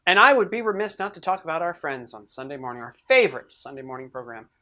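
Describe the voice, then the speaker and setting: A man hosting a comedic online news show, delivering sarcastic, mocking commentary in an animated way. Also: fairly high pitch, quick pace. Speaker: host. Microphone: webcam in a box frame.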